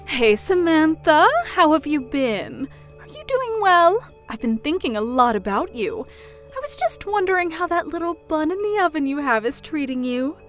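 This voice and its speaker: A woman's voice: high-pitched, big pitch swings, normal speed, fairly bright tone, soft background music. A woman playing a scornful, controlling mother. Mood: doting. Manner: mocking, belittling, pushy.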